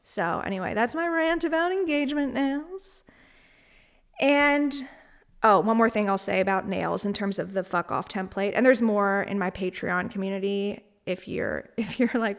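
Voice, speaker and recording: A woman's voice: mid-range voice, normal speed, gravelly. Candid woman hosting a spiritual podcast. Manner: candid, rambling, laughs often, swears casually. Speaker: podcast host. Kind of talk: solo spiritual podcast talk.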